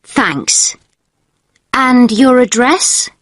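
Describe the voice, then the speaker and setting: A woman's voice: fairly high pitch, lively intonation, extremely slow, fairly bright tone, no room sound, clean studio sound, full character voice. A woman playing a polite hotel receptionist in a scripted exam dialogue, using a formal service tone. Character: courteous female hotel receptionist.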